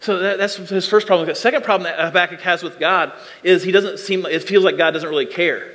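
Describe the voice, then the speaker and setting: A man with a high, light voice preaches with earnest, repetitive appeals to his listeners. His words ring out with a long reverb, as if in a large church hall. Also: steady tone, brisk, fairly bright tone. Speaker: pastor. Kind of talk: sermon. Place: church auditorium.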